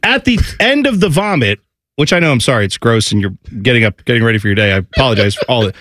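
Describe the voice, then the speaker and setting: A man in his thirties telling a lively family story in casual chat, acting out his kids' voices. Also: mid-range voice, fast, dry recording, clean studio sound. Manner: animated, acts out family voices.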